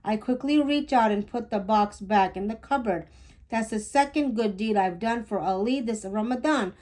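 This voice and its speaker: Higher-voiced woman reading a storybook. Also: normal speed. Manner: gentle, clear storybook reading. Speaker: storytime host reading aloud. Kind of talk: children's read-aloud narration.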